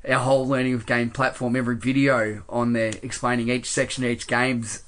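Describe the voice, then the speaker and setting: A man's voice: mid-range voice, level tone, brisk, a bit bright. A man with a quite Australian accent, a podcast guest chatting casually and rambling with lots of fillers and "mate". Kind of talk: casual interview chat. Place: indoors after a workshop, late at night.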